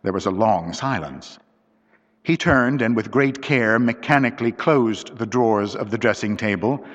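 A man reading a story aloud as an audiobook narrator, in a steady, deliberate storytelling manner. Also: mid-range voice. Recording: dull lo-fi recording with long reverb.

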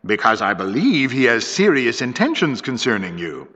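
A man's voice: medium pitch, sing-song, moderate pace, a bit bright, in a large hall, highs cut off. A man reading a story voices a young officer with a teasing, knowing manner.

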